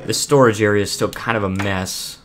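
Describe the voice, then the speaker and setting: A man's voice: fairly low pitch, fairly even intonation, a little fast, fairly bright tone, a little hiss or hum. A man streaming a building game, chatting casually to viewers and rambling with frequent restarts. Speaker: gaming streamer. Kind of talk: casual live-stream chat.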